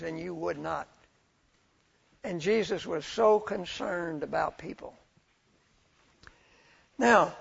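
A man preaching a sermon in a storytelling way, his voice swelling loud and then dropping low. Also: creaky, breathy edge, highs cut off. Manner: storytelling, swells and drops in loudness.

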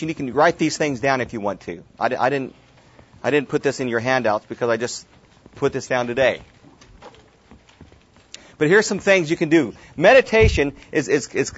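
A man with a fairly high, somewhat bright voice teaches Bible study casually, repeating words as he restarts. He adds offhand asides to the group. The recording is dull and lo-fi.

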